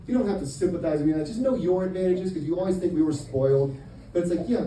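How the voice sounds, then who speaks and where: Young indiana guy doing standup, punchy and fed up, higher voice, roomy club sound kinda far from the mic. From Indiana, USA. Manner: punchy, exasperated, swings between mutters and loud bursts. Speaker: stand-up comedian. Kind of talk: stand-up comedy set. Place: comedy club stage. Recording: roomy club, mic at a distance, audible noise.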